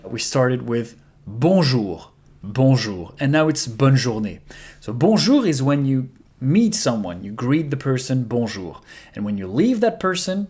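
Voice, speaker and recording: A man, a native French speaker, teaching a lesson on saying goodbye and repeating each word slowly to show how it sounds. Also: medium pitch, darkish tone. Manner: slow repeated demonstrations of pronunciation. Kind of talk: language lesson.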